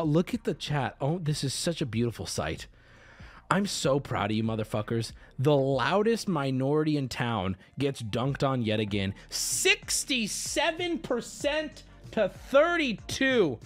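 A man streaming live, ranting at his chat in a sarcastic, exasperated and profane way. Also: fairly high pitch.

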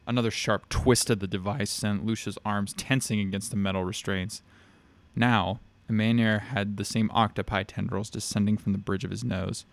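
A man narrates a dark fantasy story aloud, steady and measured. His voice sits on the low side, and the recording is close and dry, with no room sound. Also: gravelly, no echo.

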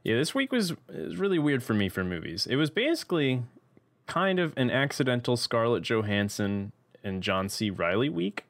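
Male co-host, gravelly texture, animated and easygoing, casual banter. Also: mid-range voice, normal speed. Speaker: podcast co-host. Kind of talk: casual chat.

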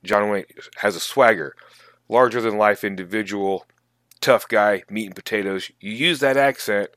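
A man co-hosting a tabletop gaming podcast, talking casually in a halting, thoughtful way with many restarts. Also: on the low side, a bit bright, no room sound, clean studio sound. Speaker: podcast co-host. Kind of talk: casual chat.

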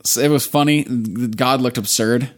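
A man's voice: medium pitch, fairly even intonation, unhurried. Profane rambling man recapping an episode. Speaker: podcast co-host.

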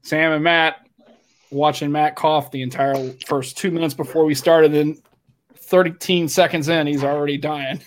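A man's voice: on the high side, fairly even intonation, measured pace. A middle-aged man hosting a podcast from his home office over a video call, chatting casually in a rambling, teasing way. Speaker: podcast host. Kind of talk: casual chat. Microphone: webcam video call.

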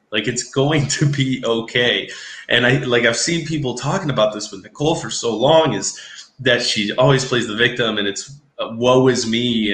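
A man co-hosting a podcast, chatting casually and opinionatedly about a reality show and mocking quotes in a put-on voice. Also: medium pitch. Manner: animated, opinionated, mocks quotes. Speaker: podcast co-host. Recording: echoey room.

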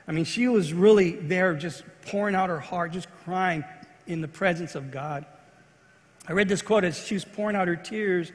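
Pastor guy preaching, kinda high voice, lots of repeating for emphasis, big echoey church. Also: a bit bright. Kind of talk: sermon.

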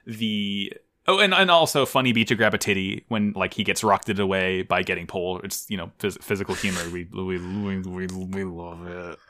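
A man co-hosting a podcast, recapping an anime episode in casual chat, animated and jokey, often jumping his voice up high for emphasis. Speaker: podcast co-host.

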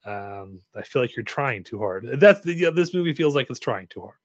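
A man co-hosting a casual chat about upcoming movies, joking and rambling with loud bursts of enthusiasm. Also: mid-range voice, lively intonation, normal speed, no room sound, highs cut off. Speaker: podcast co-host leading the movie preview.

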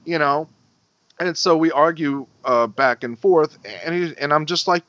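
A man co-hosting a podcast, telling a story in a casual, animated, profane way. His voice jumps high when he quotes himself. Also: normal speed, dry recording, lo-fi sound. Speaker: podcast co-host.

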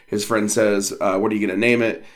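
A man's voice: fairly low pitch, level tone, fairly quick. A man co-hosting a podcast, talking casually with many fillers and reading passages aloud. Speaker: podcast co-host. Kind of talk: casual chat.

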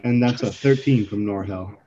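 A man playing in a tabletop role-playing game, speaking in a low-key, measured way. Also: mellow. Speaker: player. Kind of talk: casual tabletop game play. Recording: dull lo-fi mic with faint hiss.

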